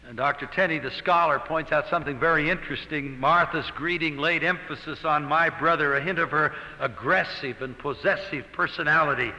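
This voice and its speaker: A man's voice: on the high side, sharp tone, big-room sound, rough recording. A man preaching an expository sermon, earnest and emphatic, stressing key words as he goes.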